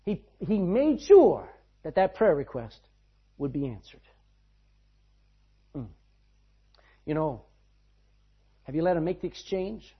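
Husky-voiced preacher man, lo-fi sound. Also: a little high, sing-song, slow pace, pauses often. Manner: dramatic swings between loud and hushed. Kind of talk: sermon. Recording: dull lo-fi sound.

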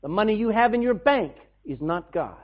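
A man preaching a sermon, telling stories with loud bursts and hushed asides. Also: sits high, normal speed. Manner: animated storytelling, shouting bursts and hushed asides. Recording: tinny phone-like sound.

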